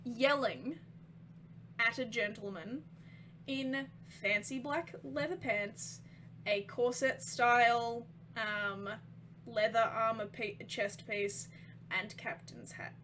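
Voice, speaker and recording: A woman narrating a tabletop game as game master, halting with many ums. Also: a little high, fairly bright tone, slight background noise, low-quality recording.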